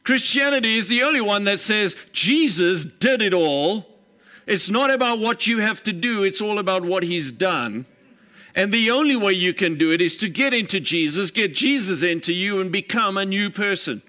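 Male pastor, bright ringing voice, slightly high, emphatic, animated storyteller. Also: moderate pace. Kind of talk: sermon.

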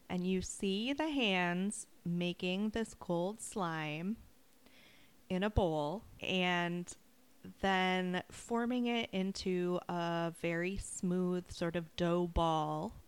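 Woman, podcast co-host, casual chat, deliberate descriptions, smooth lower voice.

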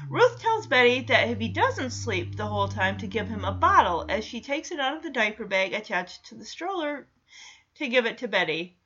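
A woman's voice: a little high, very animated, moderate pace, pushed and bright, slightly rough, muffled recording. A woman recapping a TV episode in casual chat, with sarcastic asides and frequent laughs. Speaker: show recapper.

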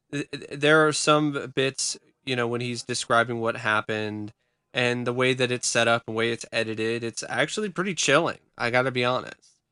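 Brief: man, casual podcast co-host, clear crisp voice, close dry mic, blunt and swearing. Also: medium pitch, pushed and bright, dry recording. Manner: candid, swearing, many restarts.

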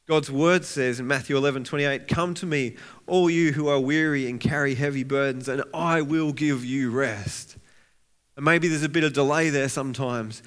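A man's voice: mid-range voice, moderate pace, a bit bright. A man preaching a sermon as a pastor, earnest and heartfelt, reading scripture aloud with rising intensity and often restarting his words. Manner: frequent restarts and repeated words.

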